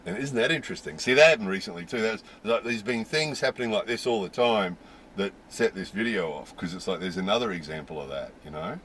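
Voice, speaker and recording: A man's voice: lowish voice, lively intonation, brisk, a bit bright, slight background noise. A man vlogging casually to camera about life in Japan, stressing points by repeating his words.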